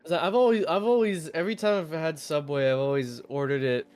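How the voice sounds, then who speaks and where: A man's voice: fairly high pitch, a little fast, darkish tone. A man chatting casually while playing a video game, telling rambling stories and laughing often. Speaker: gaming streamer co-host. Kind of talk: casual chat while gaming. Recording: faint game music behind.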